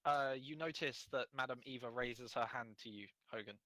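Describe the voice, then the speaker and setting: A man narrating as game master, quick and descriptive with fillers. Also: medium pitch, sharp tone, no room sound, rough recording.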